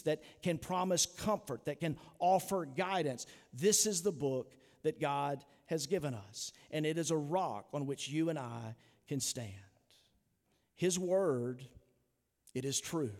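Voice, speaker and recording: A pastor delivering an earnest, emphatic sermon full of rhetorical questions. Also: male voice, fairly high pitch, a little mellow, big-room sound. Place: church sanctuary.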